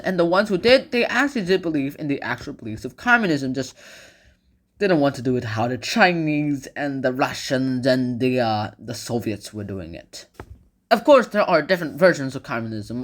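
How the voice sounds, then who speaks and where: A man's voice: on the high side, a bit bright. A man giving a casual educational commentary, rambling with fillers and dropping sarcastic asides. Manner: loose, rambling phrasing with fillers. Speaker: video lecturer.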